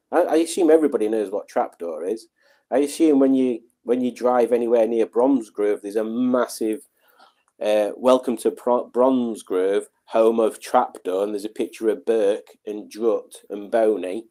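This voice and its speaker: Mellow-voiced man chatting casually. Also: mid-range voice, moderate pace. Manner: relaxed, rambling, self-deprecating. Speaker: livestream host. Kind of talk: casual chat reading out viewer comments.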